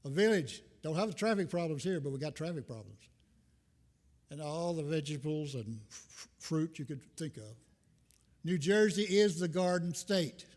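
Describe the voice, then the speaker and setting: Older guy rambling through a folksy sermon, bit high voice, long church echo. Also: normal speed, darkish tone. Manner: rambling, folksy, self-deprecating humor. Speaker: visiting minister. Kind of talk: informal sermon. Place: church sanctuary. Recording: long reverb from a church hall.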